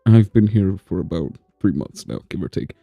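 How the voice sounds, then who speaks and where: A man reading the lines of a blunt, tactless young woman in a story game, flatly, in his own voice without putting on a voice. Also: low voice, normal speed, no room sound, phone-quality sound, soft background music. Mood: plain. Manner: flat reading, no put-on voice.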